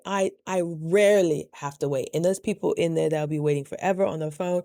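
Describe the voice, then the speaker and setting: A woman in her thirties telling a story in a chatty, animated way, acting out her own quotes in a higher voice. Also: moderate pace, vocal fry, no room sound, clean studio sound. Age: 30s. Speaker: vlogger. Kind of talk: casual storytelling. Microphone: studio mic.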